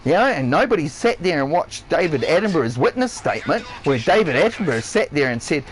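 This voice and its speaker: A man with a New Zealand accent rants on a live game stream and swears nearly every line. His pitch swings widely as he shouts one moment and drops low the next. He repeats his points again and again. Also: very animated, quick pace, hardly any pauses, a little hiss or hum, poor audio. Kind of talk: heated rant on a live stream.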